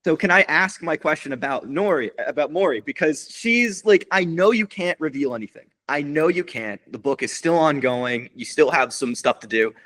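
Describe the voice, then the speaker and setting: Bright-voiced man hosting an interview. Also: fairly high pitch, expressive, normal speed, hardly any pauses. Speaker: host. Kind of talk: casual interview questions.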